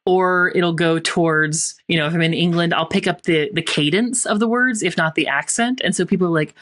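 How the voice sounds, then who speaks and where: A woman from Tennessee with a neutral, mid-Atlantic-leaning accent, chatting as a podcast guest, animated and quick to laugh. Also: lowish voice. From Tennessee, USA. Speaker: guest, copywriter and author. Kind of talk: casual podcast conversation.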